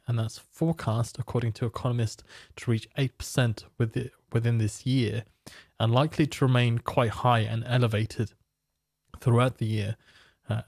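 Man, market analyst, steady explainer, mid-range voice, dry close sound. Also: medium pitch, no echo. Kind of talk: financial market preview commentary.

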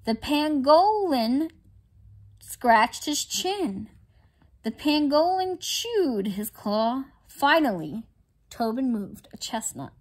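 A woman reading a children's storybook aloud for a library, in an expressive, deliberate storytelling manner. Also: sits high.

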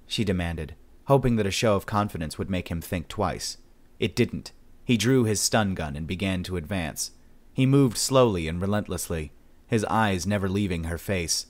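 A male audiobook narrator with a very deep voice. He reads a sci-fi story in a steady, measured way, keeping an even storytelling pace. The delivery stays grounded and unhurried.

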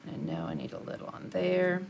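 A woman's voice: on the low side, big pitch swings, a little fast, creaky, darkish tone, a little hiss or hum. An older woman, chatting through a live painting lesson and answering viewers as she works. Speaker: art instructor.

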